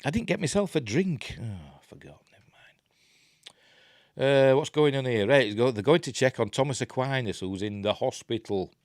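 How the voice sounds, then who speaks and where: A man's voice: medium pitch, expressive, a little fast, hardly any pauses, darkish tone, dry recording, studio quality. A man with a Yorkshire accent giving a rambling, jokey running commentary while reviewing a film. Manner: rambling, chatty, jokey asides.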